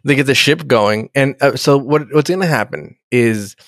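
A man's voice: medium pitch, normal speed, a bit bright, no echo, clean studio sound. A man co-hosting a casual podcast, recapping a TV episode in a profane, slangy way, constantly saying "dude". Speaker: podcast co-host.

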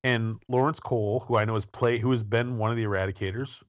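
A man's voice: on the low side, steady tone, quick pace, no room sound, muffled recording. A man in his forties hosting an interview show, chatting casually and jokily with lots of restarts. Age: 40s. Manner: rambling, joking, many restarts. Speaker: podcast host.

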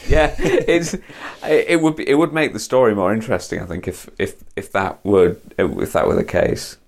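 Man co-hosting a casual film podcast, animated, with a lively, swinging pitch. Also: a little slow, vocal fry. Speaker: podcast co-host.

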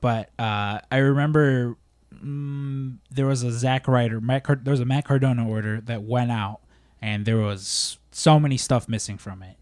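A man of medium pitch chats casually on a podcast, spinning a rambling workplace anecdote and swearing as he goes. The sound is close and dry, with no room around it. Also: fairly even intonation, moderate pace, darkish tone, dry recording. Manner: rambling anecdotes, acts out quotes, swears freely. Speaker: podcast co-host. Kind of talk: casual storytelling chat.

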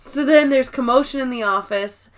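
Casual woman recapping episodes, animated. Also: high-pitched, moderate pace. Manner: animated retelling, slips into quoted character voices, swears casually. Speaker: podcast co-host.

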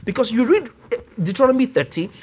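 Male preacher, sermon, husky tone, animated pitch, emphatic stretched words. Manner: emphatic, drawn-out stresses and rising exclamations.

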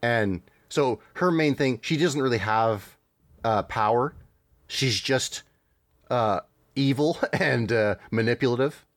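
A man's voice: mid-range voice, slow, no echo. Chatty man hosting a podcast, dry mic. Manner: rambling, chatty, frequent fillers and laughs. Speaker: podcast host. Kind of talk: casual podcast chat reviewing cartoons.

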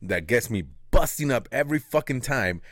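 A man's voice: medium pitch, lively intonation, normal speed, fairly bright tone, no room sound, clean studio sound. A man co-hosting a casual movie podcast, swearing and laughing while animatedly recounting comedy scenes. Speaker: podcast co-host.

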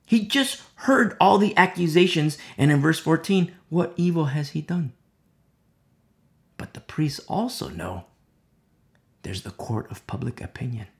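A man's voice: fairly high pitch, sing-song, moderate pace, gravelly. A man giving a conversational verse-by-verse sermon as a Bible teacher. He is emphatic, repeats key phrases and drops many "you know" asides.

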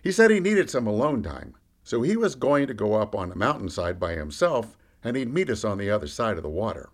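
Give me a man voicing a candid fisherman disciple telling his story with lively, animated pitch. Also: fairly quick. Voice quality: lively storyteller, rising and falling with the action. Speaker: podcast storyteller. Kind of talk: first-person character monologue.

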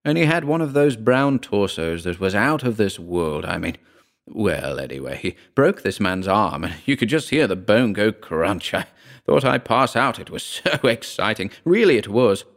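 A man reading a story aloud and voicing an excitable woman at a party who gushes breathlessly. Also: lowish voice, moderate pace. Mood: gushing.

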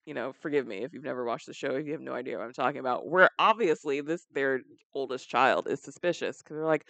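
A man's voice: mid-range voice, fast talker, gravelly, few pauses, a bit bright, no room sound. An American man co-hosting a podcast, chatting casually, often restarting and trailing off. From United States. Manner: chatty, laughs a lot, trails off mid-sentence. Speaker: podcast co-host. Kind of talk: casual banter.

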